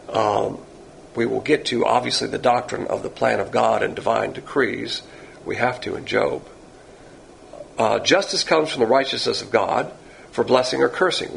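Gravelly-voiced man teaching scripture. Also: medium pitch, a bit bright, slight background noise, low-quality recording. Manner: emphatic, self-correcting, drawn-out stresses. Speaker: Bible teacher. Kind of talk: recorded Bible teaching.

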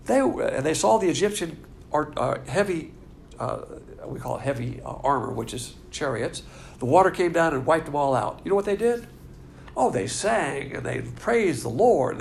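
A man's voice: a little high, gravelly, slight background noise. A man teaching a Bible class in a blunt, folksy way, with wry asides and emphatic stresses.

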